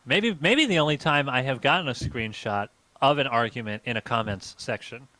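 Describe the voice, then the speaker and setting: An American man co-hosts a comedy live stream, telling a rambling story in casual chat packed with fillers. His mid-range voice is pushed and bright, moving at normal speed with no echo.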